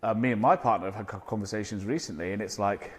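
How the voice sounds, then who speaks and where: A man in a casual podcast conversation, animated and questioning, swearing casually. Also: on the low side, fast talker, long reverb tail.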